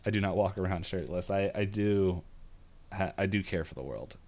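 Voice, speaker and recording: Male co-host, lowish voice, chatty and giggly, does funny voices for quotes. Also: normal speed, darkish tone. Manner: chatty, laughs often, acts out quotes in silly voices. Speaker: podcast co-host. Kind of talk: casual chat recapping a cartoon episode. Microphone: video call or webcam setup.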